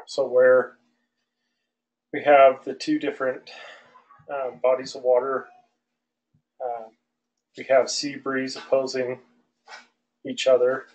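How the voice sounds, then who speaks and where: A male aviation instructor lecturing an online class in a relaxed, loose way, with many fillers and restarts. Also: medium pitch, slow, long pauses, poor audio. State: out of breath.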